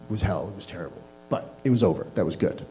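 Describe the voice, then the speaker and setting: A man's voice: sits low, expressive, fast, dark tone, faint music behind, poor audio. A man telling a candid personal story to a live audience, laughing at himself as he goes. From Canada. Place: small live venue.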